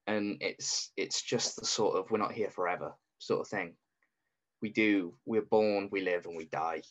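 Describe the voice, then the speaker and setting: A man's voice: low-pitched, a little slow. A British man in his twenties, a podcast guest in casual chat, talking in a hesitant, reflective way with many "um"s. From Britain. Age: 20s. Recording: muffled lo-fi audio.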